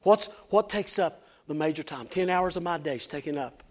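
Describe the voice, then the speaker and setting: Middle-aged virginia guy preaching, fired up and emphatic, trips over words, high-ish voice. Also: moderate pace. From West Virginia, USA. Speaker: lay preacher. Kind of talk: sermon.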